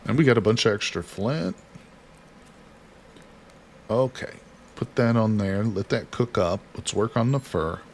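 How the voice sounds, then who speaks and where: A man's voice: lowish voice, unhurried, long pauses, a little hiss or hum. A man livestreaming a survival card game, casually talking through each move and chatting with viewers. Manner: chatty, reads chat aloud, talks himself through actions. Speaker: livestream host. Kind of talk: casual gameplay commentary.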